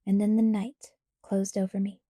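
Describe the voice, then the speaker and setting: A woman reading a novel aloud in quiet, even first-person narration. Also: medium pitch, normal speed, no room sound, studio quality. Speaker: audiobook reader.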